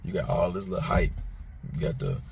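Gravelly low-voiced man giving blunt commentary. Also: wildly swooping pitch, fairly quick, darkish tone, slight background noise. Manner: talks straight to the people he discusses, blunt and streetwise; casual slang with chuckles and repeated phrases. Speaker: commentator and host. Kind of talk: casual commentary to camera.

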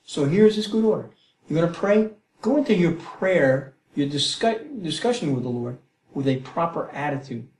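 A high-pitched, middle-aged man teaches the Bible conversationally, animated and acting out prayers. He keeps checking in with "Okay?" and "Right?", and the recording has a roomy echo.

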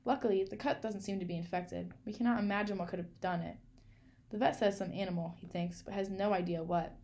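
Fussy, gossipy old lady, soft and confiding, with a creaky texture, read by a woman. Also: mid-range voice, steady tone, brisk, lightly acted. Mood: chatty. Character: fussy, kindly elderly woman neighbor.

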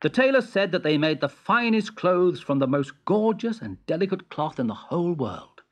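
A storybook narrator with a very lively, swooping delivery, reading a fairy tale aloud clearly. The pitch sits in a middle register. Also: moderate pace.

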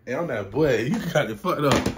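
Young man, casual reaction host, lively swooping delivery, laughs a lot, echoey room, distant mic. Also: mid-range voice, fairly quick, background noise. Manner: animated, laughing, swearing, acts out quotes. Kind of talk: casual storytelling and reaction chat.

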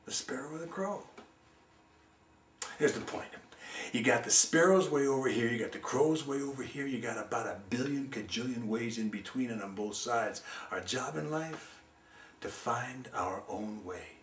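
A man's voice: medium pitch, normal speed, a little hiss or hum. A man telling a folk tale aloud, conversational and reflective, speaking directly to his listeners. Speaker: storyteller. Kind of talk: oral folk storytelling. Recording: roomy sound from a distant mic.

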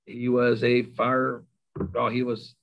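A middle-aged man with a Kentucky accent, a high school coach telling stories as a guest, self-mocking and laughing often. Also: monotone, slow, creaky. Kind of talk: casual storytelling interview. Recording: slightly dull lo-fi sound.

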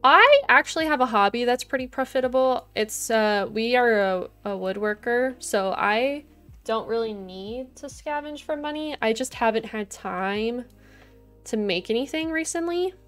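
Her voice is a little high, clean in tone and animated, at a moderate pace. A young woman streaming a life-sim game, she keeps up easy conversation with her audience and her characters and giggles a lot, with soft music from the game underneath.

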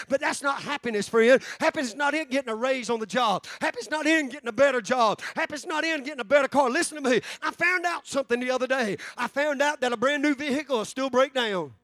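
A man preaching a sermon as pastor, fervently repeating phrases and rising to shouts. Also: extremely high pitch, fast, few pauses, no echo. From United States. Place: church sanctuary.

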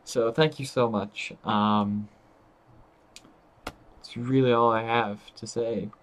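A man's voice: mid-range voice, steady tone, slow, low-quality recording. A young man hosting a casual gameplay video, laughing often and stumbling over his words. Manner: giggly, stammering, playful. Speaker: gaming channel host.

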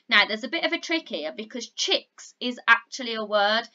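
A woman teaching phonics to young children, encouraging and clear, sounding out words slowly. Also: on the high side, expressive, bright, forceful tone, muffled recording. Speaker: primary school teacher.

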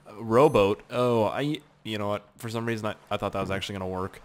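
A man giving casual gameplay commentary, talking to himself in a profane, excitable, rambling way. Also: fairly low pitch, brisk, few pauses, slight background noise. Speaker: gaming YouTuber.

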